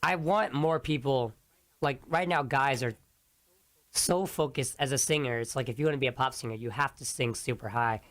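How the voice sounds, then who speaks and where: A man's voice: mid-range voice, moderate pace, a bit bright. A young man co-hosting a casual music podcast, chatty and joking as he gives his opinions. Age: young adult. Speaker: podcast co-host. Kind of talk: casual chat.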